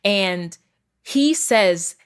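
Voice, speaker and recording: A woman's voice: medium pitch, animated, extremely slow, clear, resonant tone. A woman hosting an interview show, talking in a supportive, conversational way with her guest. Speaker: show host. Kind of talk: casual interview chat.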